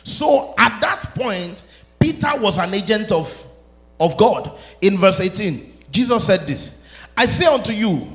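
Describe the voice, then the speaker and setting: A man preaches a sermon with a voice that swoops up and down, sitting a little high. He works himself into shouts and laughs between his points. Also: very animated, measured pace, faint music behind.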